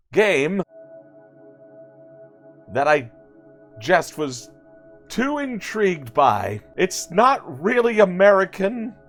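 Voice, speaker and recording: A man hosting a let's play video, commenting playfully and sarcastically with jokey asides. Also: medium pitch. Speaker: gaming video host.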